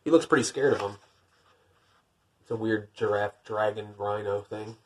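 A man reading a picture book aloud, lifting his voice for the narration and dropping to wry, deadpan jokes in between. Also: moderate pace. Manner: wry, deadpan joking asides; rises for narration, drops low for asides. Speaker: podcast host.

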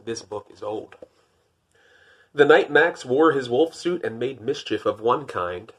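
A man reading a picture book aloud, lifting his voice for the narration and dropping to wry, deadpan jokes in between. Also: a little slow, breathy edge. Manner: wry, deadpan joking asides; rises for narration, drops low for asides. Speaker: podcast host.

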